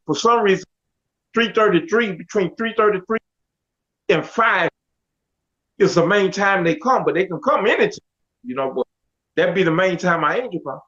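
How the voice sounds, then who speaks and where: High-voiced man telling his story. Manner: animated, quotes others in dialogue. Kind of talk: casual storytelling. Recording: dull lo-fi audio.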